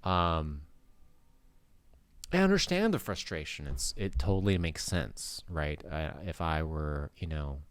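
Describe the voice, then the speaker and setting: A man's voice: rumbling low, steady tone, a little slow, hardly any pauses, no echo. A man vlogger talking in a casual, rambling monologue with many hesitations.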